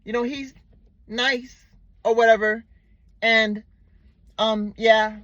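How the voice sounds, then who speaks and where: A man's voice: sits high, level tone, slow, fairly bright tone, no room sound, muffled recording. A man imitating an offhand young woman who talks breezily and dismissively with fillers.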